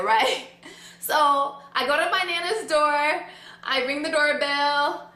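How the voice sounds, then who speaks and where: A young woman telling a story about herself in a casual, animated and dramatic way, swearing freely. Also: high-pitched, takes it slowly, roomy sound.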